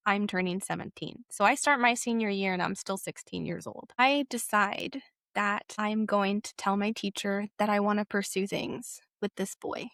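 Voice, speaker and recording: A woman's voice: mid-range voice, fairly bright tone, no room sound, clean studio sound. A young woman telling a personal story as a podcast guest, emotional and re-enacting dialogue with rising intensity. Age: young adult. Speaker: interview guest.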